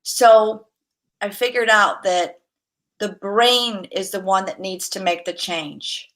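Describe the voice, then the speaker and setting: Slow and mid-pitched, a woman who works in massage therapy shares stories as an interview guest in a relaxed conversation. She laughs a lot and dramatizes the quotes she tells.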